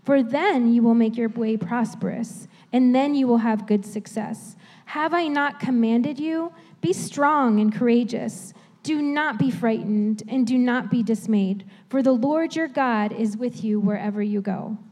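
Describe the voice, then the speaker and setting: A woman preacher reading scripture aloud in a church sanctuary, steady and measured. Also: a little high. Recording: long reverb from a church hall.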